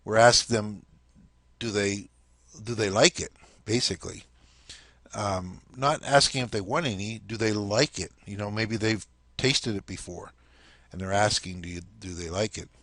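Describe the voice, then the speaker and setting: Male teacher, low-ish voice, patient step-by-step explainer, dry close sound. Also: normal speed, fairly bright tone, no echo. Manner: explains step by step, often checks in with "okay?". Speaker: language teacher. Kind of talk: casual spoken lesson.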